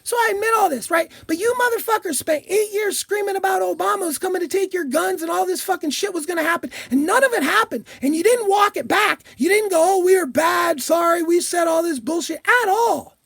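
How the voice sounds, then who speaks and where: Woman vlogger, very high-pitched, heated profane rant, dry close sound. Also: fast, gravelly, few pauses, dry recording. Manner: profane, heated, shouting at times. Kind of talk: angry political rant.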